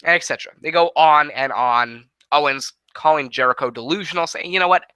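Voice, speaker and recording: A man with a bright, cutting, fairly high voice runs through imagined wrestling cards in quick, casual play-by-play. The sound is dry and close, with no room around it. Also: smooth, no room sound, low-quality recording. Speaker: host. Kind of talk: fantasy booking play-by-play.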